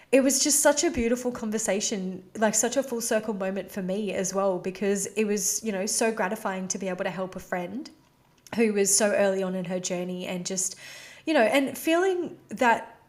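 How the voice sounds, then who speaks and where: Woman, podcast host, raised pitch, heartfelt, emotional, candid, casual confessional talk, "you know" fillers. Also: a little mellow.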